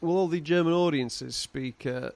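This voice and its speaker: A man's voice: a little high, normal speed, gravelly, darkish tone. A man co-hosting a podcast, bantering in a teasing, playful way. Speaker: podcast co-host. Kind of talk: casual chat.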